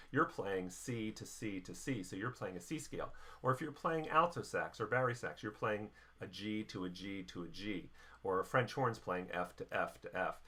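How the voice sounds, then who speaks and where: A middle-aged man teaching a band warm-up lesson, explaining each step patiently. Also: lowish voice. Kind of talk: instructional lesson.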